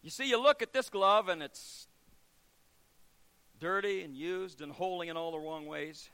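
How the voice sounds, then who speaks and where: A man preaching a sermon as pastor, telling stories and acting out the voices of people in them, swinging from quiet to loud. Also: high voice, a little slow, long pauses, clear, resonant tone.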